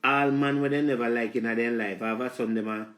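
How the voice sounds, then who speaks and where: A man's voice: mid-range voice, steady tone, fairly quick, fairly bright tone, echoey room. A man with a Jamaican accent hosting a live stream, rambling in a preachy, comic rant aimed at his female viewers. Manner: preachy, repeats "let me tell you", addresses the ladies.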